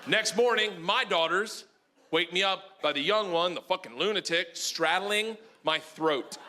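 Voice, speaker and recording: A middle-aged man doing a stand-up comedy set on a club stage, telling a rowdy story loudly and acting out other people in high voices. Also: measured pace. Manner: loud, rowdy storytelling, acts out his daughters in high voices. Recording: live club recording with room noise.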